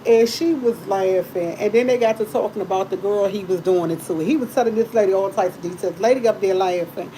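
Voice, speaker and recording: A woman's voice: medium pitch, a little fast, few pauses, slight background noise, rough recording. A woman hosting a live stream, telling her viewers a story in a casual, exasperated way, repeating herself and swearing freely. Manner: animated, exasperated retelling with repeated phrases; colloquial, blunt, swears freely.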